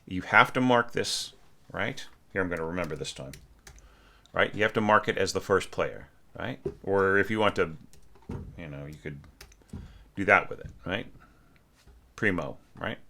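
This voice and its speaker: A man critiquing a student's score in an orchestration lesson sings phrases on "da" and often tosses in a rhetorical "right?". His low, creaky voice is bright and forceful, he pauses often at a normal speed, and there is a little hiss or hum.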